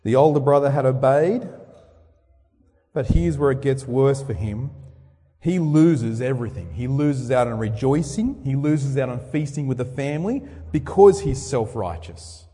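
With a husky, animated voice that runs a little slow, a man preaches dramatically in church. He performs quoted speeches with abrupt jumps in pitch and loudness, echoing through the long reverb of a large hall.

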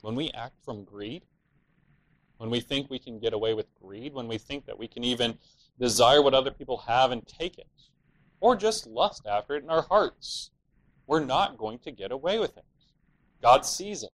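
A man delivers an expository sermon in an earnest, explaining voice of middle pitch. He walks through the scripture point by point and now and then mimics the lament of the wrongdoers. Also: lively intonation, normal speed, a bit bright, low-quality recording. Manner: earnest expository preaching, rising to mock the villains' laments. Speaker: preacher.

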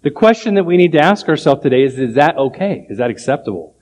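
A man preaching from the pulpit in a voice pitched a bit above most men's. He drives home each point and keeps asking his listeners pointed rhetorical questions. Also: expressive, fast, darkish tone, slight background noise. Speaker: pastor. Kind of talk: sermon.

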